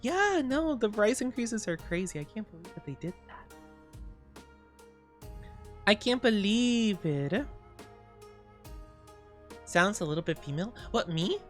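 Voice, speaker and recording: A woman's voice: mid-range voice, big pitch swings, measured pace, long pauses, faint music behind. Giggly woman streamer with a scratchy voice. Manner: giggly, rambling, playful. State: slightly scratchy voice. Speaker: VTuber streamer. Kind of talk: casual live-stream chat, reading chat.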